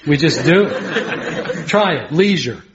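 An actor with an American accent playing a dry, deadpan colonial shopkeeper. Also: male voice, high-pitched, moderate pace, muffled recording, crowd noise.

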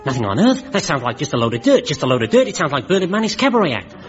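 Brash high-voiced game show host. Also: male voice, sing-song. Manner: rapid-fire punning patter, brash showman. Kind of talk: comic radio sketch. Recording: dull old radio recording with loud audience and noise.

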